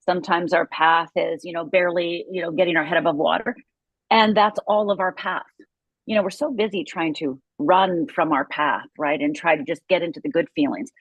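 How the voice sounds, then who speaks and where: A middle-aged woman from Upper Michigan, USA, tells her life story as an interview guest with intense, vivid storytelling. Her voice is on the low side and husky, steady in tone and fairly quick. The audio has no echo but sounds dull.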